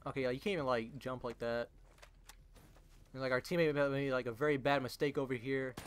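A young man giving jumpy, excitable live commentary over his own gameplay, filling his talk with "like" and calling out to his teammates. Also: medium pitch, a little fast, smooth. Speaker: gaming channel host.

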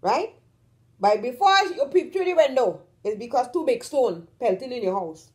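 A woman's voice: fairly high pitch, expressive, moderate pace, mellow. A woman from Trinidad with a Trinidadian accent, hosting her own vlog in casual talk to the camera. She talks emphatically, stretches out the words she stresses and keeps checking in with her listener. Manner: emphatic, draws out stressed words, keeps asking "you understand?". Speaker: vlog host.

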